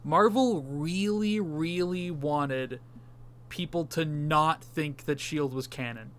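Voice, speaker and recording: A man's voice: on the high side, slow pace. A man co-hosting a casual movie discussion podcast, rambling and swearing freely. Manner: rambling, swears casually, does silly beep noises. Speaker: podcast co-host.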